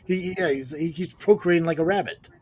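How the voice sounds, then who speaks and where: A laid-back young man hosts a loose podcast chat. His voice sits a little high for a man, and he trails off into muttered asides. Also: fast, a little mellow, a little hiss or hum. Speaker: podcast host and wrestling promoter.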